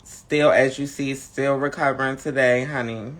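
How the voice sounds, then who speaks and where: A camp, sassy host drawling through a casual live-stream chat, tired and low on energy. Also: male voice, steady tone, normal speed, hardly any pauses, a bit bright.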